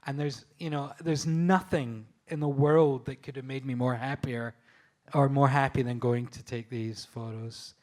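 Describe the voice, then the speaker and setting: Scottish man telling lively photo anecdotes. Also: mid-range voice, a little slow, hardly any pauses. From Scotland. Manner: enthusiastic storyteller, laughs often, restarts and fillers. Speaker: photographer on a panel. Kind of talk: anecdotal talk at a public event. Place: live talk venue.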